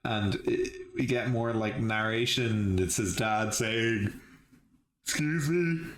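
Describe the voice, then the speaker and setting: A man's voice: on the low side, fairly even intonation, slow pace, fairly bright tone. A man hosting a live reaction, recapping and musing aloud with frequent restarts and laughs. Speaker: channel host reviewing episodes. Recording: echoey room with faint hiss.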